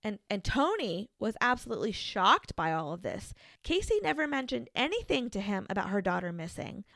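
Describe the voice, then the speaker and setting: A woman recounting a true-crime case in casual podcast chat, talking loosely with "like" and false starts. Her voice sits at a middle pitch, and the recording is close and dry, with no room sound. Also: very animated, fairly quick, gravelly, a bit bright, no echo. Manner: conversational, frequent fillers and restarts. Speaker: podcast co-host.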